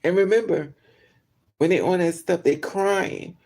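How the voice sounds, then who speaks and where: A man vlogger tells his livestream audience a personal story, casual and candid, talking straight to viewers and answering their comments in a chatty way. His voice sits a bit high for a man yet has a dark, mellow tone with a gravelly, creaky edge, and he speaks a little slowly.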